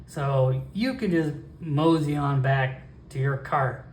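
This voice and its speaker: A solo role-player voicing a suspicious, sharp-tongued townswoman in a sarcastic drawl, recorded in an echoey room. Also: medium pitch, slow pace, slight background noise, close to an everyday voice.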